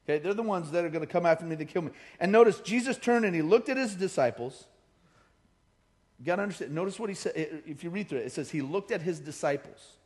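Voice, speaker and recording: A male pastor preaching a sermon, telling stories with lively acted-out quotes. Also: sits high, fast. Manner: animated storytelling, acting out quoted voices. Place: church hall.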